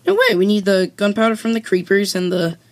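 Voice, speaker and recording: Bossy, excitable gamer with a gravelly edge. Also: medium pitch, brisk. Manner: bossy, teasing, excitable whoops. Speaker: let's play gamer. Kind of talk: casual co-op gaming chat.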